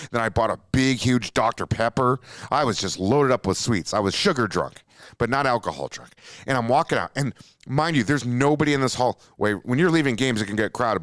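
A man hosting a casual podcast, telling a story with lots of swearing. His pitch rises and falls a lot as he acts out what people said. The sound is close and dry, with no room around it. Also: no echo. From Minnesota. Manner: animated, profane, jumps into acted-out quotes. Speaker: podcast host.

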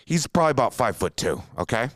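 A man's voice: medium pitch, fast talker, no echo. A man from Minnesota hosting a podcast, telling a long story in a casual, profane way, and jumping into quotes he acts out. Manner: animated, profane, jumps into acted-out quotes. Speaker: podcast host.

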